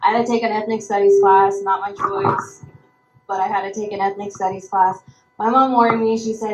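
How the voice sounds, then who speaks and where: A young woman telling a personal story at a roundtable, lively and acting out the voices of the people she quotes. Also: mid-range voice, fairly quick, noisy background. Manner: animated, acts out quoted voices. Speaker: roundtable speaker. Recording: echoey room.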